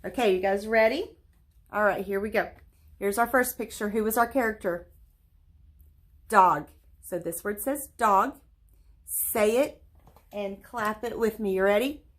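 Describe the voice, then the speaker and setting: A woman teacher leading a recorded virtual lesson for young children, speaking slowly and clearly with lots of encouraging check-in questions. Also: medium pitch, a little hiss or hum. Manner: claps and stretches words into syllables.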